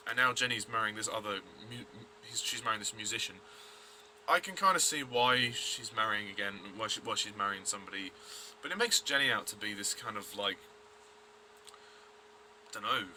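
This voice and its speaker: Blunt male reviewer, tense bright voice, faint hiss behind. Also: on the low side, moderate pace. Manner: blunt, rambling, many fillers and restarts. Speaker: TV episode reviewer. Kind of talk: casual review vlog.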